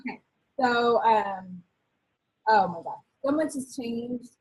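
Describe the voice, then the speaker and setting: Husky, earnest woman sharing her story. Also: fairly high pitch, poor audio. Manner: earnest and halting, with many ums. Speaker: team member on a coaching call. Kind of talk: personal testimony on a group call.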